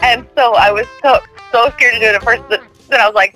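Lively female podcast host, crisp bright voice, faint music underneath. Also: fairly high pitch, quick pace, low-quality recording. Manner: laughing, animated storyteller. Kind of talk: casual chat.

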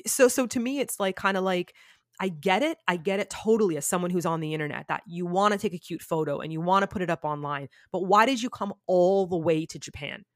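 A woman guest on a podcast, telling stories in a lively, casual way and filling her talk with "like.". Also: on the low side, a little fast, dry recording, clean studio sound. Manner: animated storyteller, says "like" a lot. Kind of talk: casual chat.

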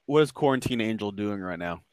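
A man's voice: lowish voice, expressive, brisk, clear, resonant tone. A young man hosting a casual podcast, rambling through stories with lots of fillers and restarts. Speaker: podcast host.

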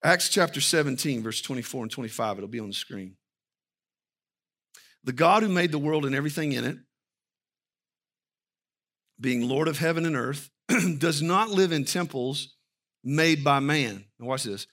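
Male pastor, conversational sermon delivery, bright tone. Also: on the high side, animated, normal speed, pauses often. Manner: conversational, asks the congregation questions.

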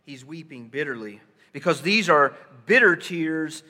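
A male pastor preaching a sermon, swinging from hushed softness to loud emphasis and posing rhetorical questions to his listeners. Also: on the high side, expressive, a little slow, in a large hall. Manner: dramatic shifts between soft hushed lines and loud emphatic ones; asks the congregation rhetorical questions.

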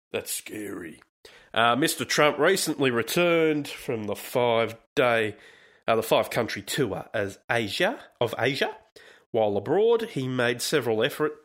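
Profane, lively-voiced man hosting a podcast. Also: medium pitch. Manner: profane, laughing, wandering commentary. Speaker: podcast host. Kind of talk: casual solo podcast rant.

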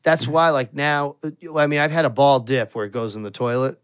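A man telling a crude story in casual podcast chat, animated and breaking into loud laughing outbursts. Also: medium pitch, brisk, clean tone, no room sound.

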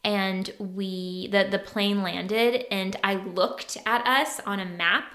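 A woman's voice: medium pitch, steady tone, slow pace, fairly bright tone. A young woman from California co-hosting a podcast, chatting casually, laughing often and filling her talk with "like". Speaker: podcast co-host.

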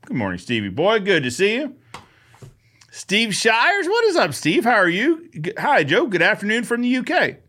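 A man's voice: high voice, huge pitch swings, moderate pace, bright, forceful tone. Upbeat man hosting a live Q&A. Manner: upbeat, greets viewers by name and reads comments aloud. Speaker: host of a live fencing Q&A show. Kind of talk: casual live-stream chat.

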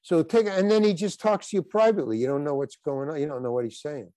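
An older man tells a guest's stories in a relaxed interview, starting over mid-sentence and wandering off track. His voice sits a bit high for a man and sounds close and dry, with no room around it. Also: dry recording. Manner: rambling anecdotes with halting restarts. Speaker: guest actor. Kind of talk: casual interview storytelling.

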